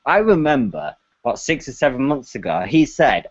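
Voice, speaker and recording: A man co-hosting a podcast in casual chat, frustrated but measured. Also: medium pitch, very animated, breathy edge, no room sound, lo-fi sound. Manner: frustrated, measured, some fillers. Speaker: podcast co-host.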